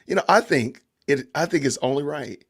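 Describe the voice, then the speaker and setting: A man's voice: a little high, lively intonation, fairly quick, gravelly, slightly rough. A man hosting a live-stream podcast, commenting on a trial with emphatic repetition and reading out greetings from chat viewers. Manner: emphatic, repeats himself for stress. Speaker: podcast host.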